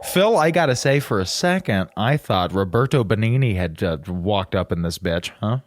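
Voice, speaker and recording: A man's voice: lowish voice, animated, normal speed, dry recording. A man co-hosting a casual film podcast, playful and joking as he banters with his co-host.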